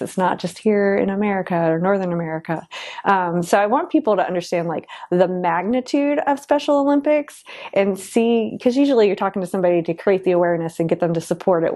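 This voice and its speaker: A woman sports coach speaks in a slightly low voice. She talks casually and chattily, leaning on fillers as she answers interview questions. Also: a little mellow. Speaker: Special Olympics swim coach.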